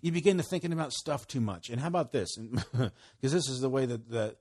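Male preacher, mid-pitched, folksy and emphatic, quotes scripture then pushes hard on the point. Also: brisk, slightly rough. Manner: folksy and emphatic, quoting scripture, sudden loud exhortations. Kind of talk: sermon.

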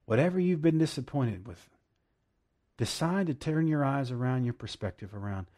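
A man preaching a devotional sermon, emphatic and repeating key lines slowly, at times dropping to hushed praise. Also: medium pitch, animated.

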